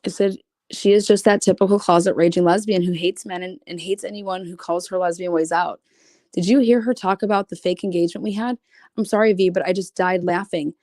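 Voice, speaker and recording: A woman's voice: mid-range voice, a little mellow, dry recording, clean studio sound. A woman streaming casually, reading private messages aloud with blunt, sarcastic, profane asides. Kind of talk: casual livestream commentary.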